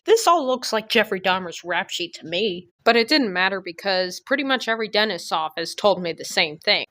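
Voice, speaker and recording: A woman's voice: mid-range voice, a bit bright. A young woman telling a comedic storytime, sarcastic and crude, with exaggerated jokes. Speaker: storytime vlogger.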